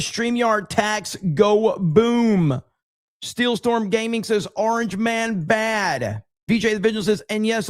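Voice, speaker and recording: Upbeat higher-voiced male streamer. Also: no echo, clean studio sound. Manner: upbeat, thanks viewers by name, quick asides. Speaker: livestream host reading super chats. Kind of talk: casual livestream chat.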